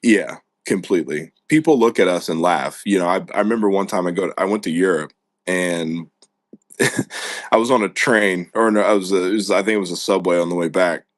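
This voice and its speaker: A man's voice: low voice, brisk, dry recording, studio quality. A man from the United States hosting a podcast, chatting casually, rambling and laughing often as he talks. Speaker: podcast host.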